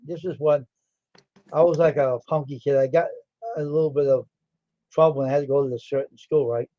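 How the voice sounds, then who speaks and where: A man's voice: on the high side, steady tone, brisk, no room sound. Rambling storyteller man, dull lo-fi. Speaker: livestream host. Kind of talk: casual storytelling.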